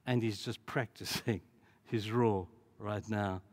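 A man's voice: fairly low pitch, steady tone, unhurried. A man preaching a sermon as pastor, telling the story dramatically and acting out the voices in it. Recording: long hall reverb.

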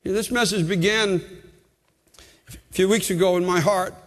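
A man's voice: sits high, steady tone, measured pace, a bit bright. An older man preaching a sermon as a pastor, impassioned and urgent, often repeating his words as he builds up. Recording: long reverb of a large hall.

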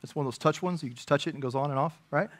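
A man preaching to his congregation in a fairly high voice. His delivery is earnest, building to emphatic, raised moments and then dropping to hushed, personal remarks. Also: rapid-fire. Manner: earnest preaching, rising to emphatic peaks and dropping to quiet asides. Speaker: pastor. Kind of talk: sermon.

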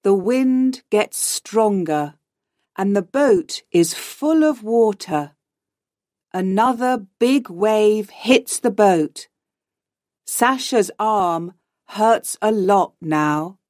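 Woman narrator for learners, clear and unhurried, dry close sound. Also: medium pitch, animated, a little mellow, no echo. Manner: slow, clear, simple reading. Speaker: audiobook narrator. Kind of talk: graded reader narration for learners.

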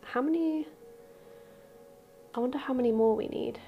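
A woman hosting a casual let's-play, gushing and excitable, with squeals of delight and soft murmurs as she explores. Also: high-pitched, normal speed, dull audio, soft background music. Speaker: gaming channel host.

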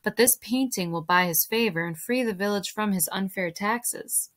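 A woman reading aloud as a wise old master painter, calm and measured, with quiet scorn. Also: medium pitch, natural voice.

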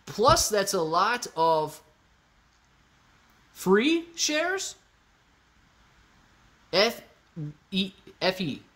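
With a high-sitting voice, drawn-out words and long pauses, a man hosts a casual livestream Q&A. He reads viewer comments, gets excited, thinks aloud and repeats himself.

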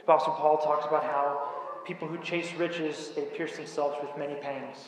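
A man preaching a sermon in a church, measured and emphatic, pausing on key words. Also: a little high, level tone. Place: church sanctuary. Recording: very echoey church hall with faint hiss.

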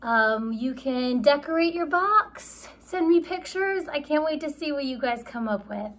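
A woman's voice: high voice, expressive, a little slow, fairly bright tone. A woman hosting a children's story time, speaking cheerfully and directly to the kids. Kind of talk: reading aloud to children.

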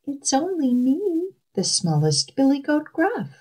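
A woman's voice: huge pitch swings, unhurried, darkish tone, full character voice. Woman doing a tiny pleading billy goat. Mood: meek. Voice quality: tiny high voice. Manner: pleading, pitched high. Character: tiny timid young male billy goat.

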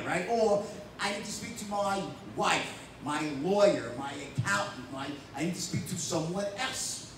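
A man running a live sales training, telling stories in a blunt, animated way with frequent "right?" and swearing, at a whiteboard. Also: high voice, background noise. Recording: roomy echo from a distance.

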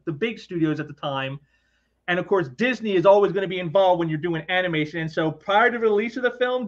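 A man with a notably high voice tells stories and trivia in a relaxed chat, tripping over his words as he goes. His sound comes through dull and lo-fi. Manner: chatty storyteller, trivia-sharing, stumbling over words. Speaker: co-host. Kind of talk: casual chat. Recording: dull lo-fi audio.

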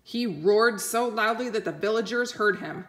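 A woman reading a picture book aloud slowly and gently, explaining words for children. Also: mid-range voice. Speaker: storyteller.

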